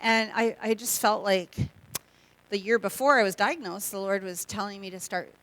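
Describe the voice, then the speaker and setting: A woman's voice: medium pitch, steady tone, moderate pace, fairly bright tone. A middle-aged Canadian woman, a guest speaker giving a humorous testimony talk in a church, chatty and joking, acting out quoted voices.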